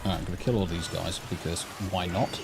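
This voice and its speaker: A man's voice: deep voice, fairly even intonation, fast talker, creaky, very noisy. An English man streaming live gameplay, chatting casually in a rambling, sweary way into a desk mic through a mixer.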